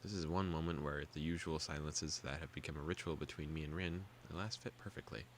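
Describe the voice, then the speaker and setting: A young man hosting a gaming video, calmly reading a visual novel aloud with joking asides. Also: a bass voice, a little fast, slight background noise.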